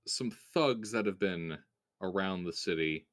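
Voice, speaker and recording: Relaxed, low-voiced game master. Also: male voice, unhurried. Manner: relaxed, with frequent fillers and restarts. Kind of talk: narrating a tabletop game.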